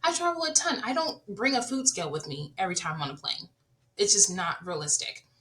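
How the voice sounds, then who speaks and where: Her voice medium in pitch, animated, brisk, pushed and bright, a thirtysomething podcast host opens up to her audience about her personal life. She addresses listeners directly in an earnest, confessional manner over a rough recording.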